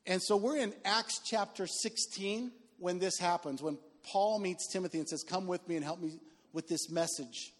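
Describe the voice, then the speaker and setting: High-voiced pastor preaching in a hall. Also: male voice, moderate pace. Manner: animated, conversational preaching with asides. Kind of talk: sermon. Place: church sanctuary. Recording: reverberant hall with faint music.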